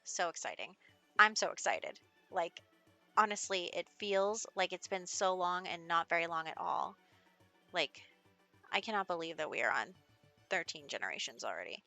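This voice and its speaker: A woman's voice: fairly low pitch, big pitch swings, moderate pace, vocal fry, pushed and bright, faint music behind. A young woman narrating a life-sim game in a chatty, upbeat way, with plenty of fillers. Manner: chatty and upbeat, with frequent fillers like "like" and "you know". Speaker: gaming channel host.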